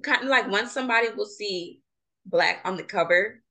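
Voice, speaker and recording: A woman's voice: medium pitch, normal speed. A young woman from Jamaica co-hosting a podcast, chatting casually and animatedly, often laughing as she talks. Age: young adult. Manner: animated, laughs while talking. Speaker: podcast co-host. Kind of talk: casual chat.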